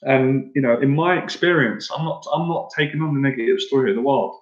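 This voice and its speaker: In a roomy, dull lo-fi recording, a man who coaches people on dating and anxiety speaks earnestly and emotionally on a live stream. He talks a little fast in a mid-range voice, frequently tripping over his words and repeating himself.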